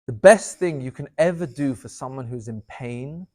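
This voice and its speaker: A man, a rabbi, giving an inspirational talk, swinging from loud, emphatic lines to soft, low asides. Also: lively intonation, moderate pace.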